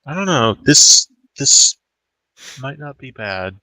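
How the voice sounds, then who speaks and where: A man's voice: medium pitch, sing-song, slow pace, sharp tone, low-quality recording. A man playing a tabletop game, tentative and polite. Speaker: player.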